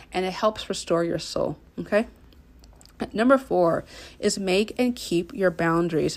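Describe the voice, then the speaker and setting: A woman hosting a solo self-care podcast, talking earnestly and encouraging the listener directly. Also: lowish voice. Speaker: podcast host and coach.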